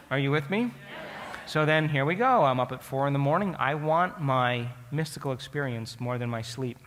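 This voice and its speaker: A man giving a storytelling lecture to an audience, speaking in an animated way and often asking the listeners questions. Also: on the high side, a little fast, long reverb tail.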